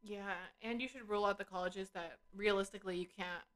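A woman's voice: medium pitch, fairly even intonation, fairly quick, fairly bright tone. A sleepy teenage girl co-hosting a casual chat, hesitant and often restarting. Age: teens. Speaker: co-host.

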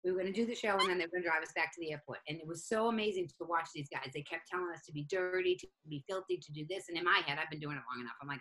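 Fast, bright-voiced woman comedian. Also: on the low side. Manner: animated, profane, acts out both sides of a story. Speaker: stand-up comedian, guest. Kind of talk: casual storytelling chat.

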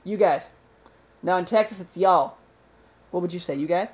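A man's voice: sits high, normal speed, husky, lo-fi sound. A man co-hosting a podcast in casual, jokey chat, laughing often. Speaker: podcast co-host.

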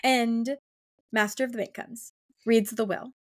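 A young woman co-hosting a casual book podcast, retelling scenes with lively character voices. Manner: animated, acts out characters in quick high voices. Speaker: podcast co-host.

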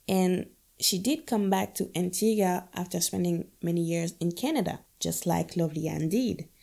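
A woman's voice: lowish voice, creaky, mellow. A young adult woman from Guadeloupe, talking reflectively and casually about a film with playful asides. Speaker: film discussion host.

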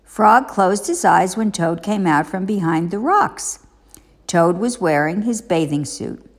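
A woman reading a children's storybook aloud as a parent, expressive and deliberate. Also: lowish voice, big-room sound.

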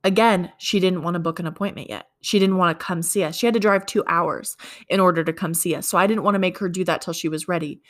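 A woman's voice: on the low side, steady tone, fast talker, fairly bright tone. A woman working as a leasing agent tells a work story in a conversational way, acting out both sides of the dialogue. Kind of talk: storytelling sales advice.

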